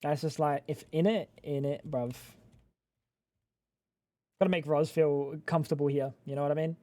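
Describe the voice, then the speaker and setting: A man's voice: fairly high pitch, steady tone, moderate pace, mellow. A young man streaming live, chatting casually with teasing, swearing banter and rambling thoughts that trail off. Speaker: livestreamer. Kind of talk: casual livestream chat.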